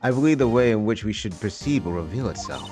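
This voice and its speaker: A man's voice: lowish voice, animated, fast talker, music in the background, voice pushed down, natural voice. A man doing a cool, stiff prosecutor. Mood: cold. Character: cool, formal male prosecutor, composed.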